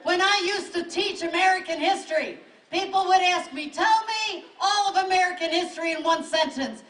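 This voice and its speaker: Speaking at an outdoor rally, a congressional candidate with a Western New York accent delivers an emphatic, stirring speech full of punchy, repeated lines. She has a very high, fairly bright voice and a moderate pace. Crowd noise fills the echoey recording, made far from the microphone.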